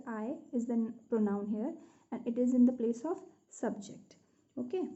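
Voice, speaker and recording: A woman's voice: a little high, warm tone, muffled recording. A woman teaching a grammar lesson, explaining step by step and often checking in with "okay?", sometimes correcting herself mid-sentence.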